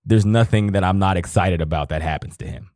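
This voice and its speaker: A man's voice: sits low, brisk, darkish tone, no room sound, clean studio sound. A man in his thirties co-hosting a podcast, talking casually and from the heart, rambling and swearing freely. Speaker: podcast co-host. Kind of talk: casual emotional conversation.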